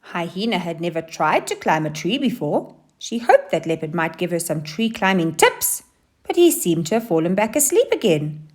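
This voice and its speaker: A woman teacher reading a children's story aloud, with expressive and animated delivery. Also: on the low side, normal speed. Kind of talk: storybook narration.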